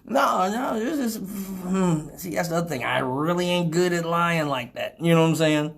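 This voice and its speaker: A man telling a story casually to a live audience as the show's host. He is animated and profane, jumping from loud outbursts to low, muttered asides. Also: normal speed, creaky. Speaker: radio show host.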